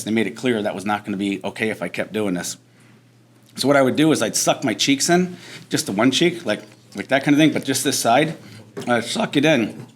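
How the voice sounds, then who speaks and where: A veteran man giving a storytelling speech at a breakfast event, animated and conversational, mixing quick and slow phrasing. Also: medium pitch. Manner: animated storyteller, acts out shouted drill instructor lines. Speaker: veteran speaker. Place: banquet hall at a veterans breakfast.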